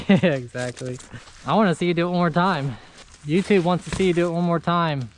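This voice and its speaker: A man's voice: on the high side, brisk. A man casually narrating his tree service work day, chatty and laid-back as he works. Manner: chatty, laid-back, talks while working. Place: outdoors in a yard. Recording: outdoor work noise behind voice.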